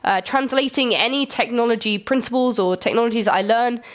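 A woman's voice: fairly high pitch, fairly quick. A young adult woman with a cold and a slightly nasal voice, giving a friendly conference presentation with light jokes. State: has a cold. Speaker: conference speaker. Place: conference hall.

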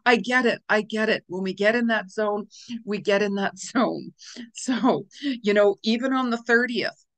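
A middle-aged woman giving a casual spiritual astrology forecast, chatty and animated, laughing often and acting out little quoted reactions. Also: medium pitch, measured pace. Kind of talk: casual weekly forecast talk.

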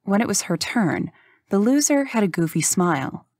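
Recorded dry, a woman's mid-range voice narrates an audiobook, keeping her storytelling measured and even.

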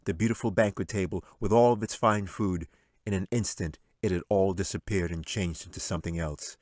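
Deep-voiced man narrating a story. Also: no echo, studio quality. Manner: measured, expressive storytelling. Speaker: author reading his novel. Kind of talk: audiobook narration.

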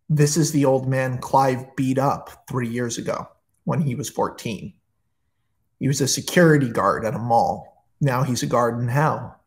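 A man retelling a film pitch in an excited, profane, animated way.

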